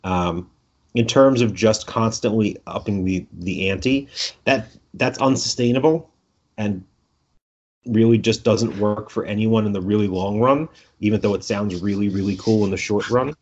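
The man's fairly low, darkish voice moves at a moderate pace, with a Brooklyn accent. He talks about designing his game in a conversational interview, thoughtful yet joking, often restarting what he says, all captured on lo-fi audio.

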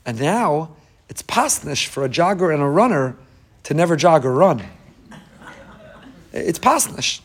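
A man teaching a lively Torah lecture, emphatic and repeating key phrases, with joking asides to his listeners. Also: on the high side, unhurried, long pauses, slightly rough. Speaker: rabbi teaching a class.

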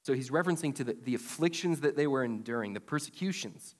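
A male pastor delivers a sermon in a relaxed, chatty way, now and then rising into emphatic bursts. His voice sits at an ordinary middle pitch. The sound carries a long reverb from a church hall. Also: a little fast, hardly any pauses. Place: church sanctuary.

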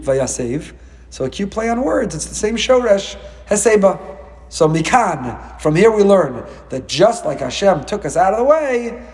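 Animated man giving a Torah lecture. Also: big-room sound. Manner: animated, acts out dialogue with rising pitch. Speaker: rabbi.

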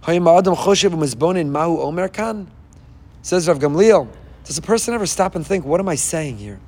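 A man's voice: fairly high pitch, animated, a little fast, a little mellow. A man giving an impassioned sermon as a rabbi, firing off rhetorical questions and weaving in Hebrew phrases. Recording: long hall reverb.

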